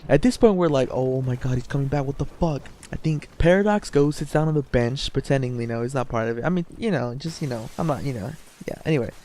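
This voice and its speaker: A man's voice: mid-range voice, animated, quick pace, few pauses, dark tone. A young man telling a story in a casual vlog, rambling and swearing, with lots of "you know" and "like" as he goes. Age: young adult. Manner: rambling and profane, full of "you know" and "like", laughing as he tells. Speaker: YouTuber.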